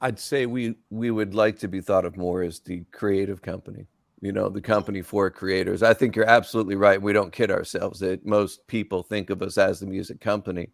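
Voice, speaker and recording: A man with a low, gravelly voice and a dry, close sound, speaking earnestly as a company executive on a webinar panel. He repeats words as he builds his points. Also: fairly even intonation, a little fast, dry recording. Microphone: video call.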